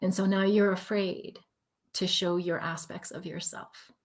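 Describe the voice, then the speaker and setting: A woman's voice: lowish voice, level tone, measured pace. A woman giving a live-streamed spiritual tarot reading, talking in an effusive, emotional, affirming way.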